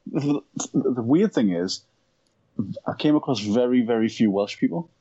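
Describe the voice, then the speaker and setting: Husky laughing man from Yorkshire. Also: mid-range voice, animated, normal speed, warm tone. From Yorkshire, England. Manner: rambling anecdotes, laughs a lot. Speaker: podcast co-host. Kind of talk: casual chat. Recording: dull lo-fi sound.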